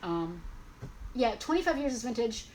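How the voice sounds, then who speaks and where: A woman's voice: fairly high pitch, very animated, normal speed, darkish tone, a little hiss or hum, low-quality recording. A woman in her forties hosting a casual live-stream sale of collectibles, chatty and rambling, often correcting herself mid-sentence. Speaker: host selling collectibles.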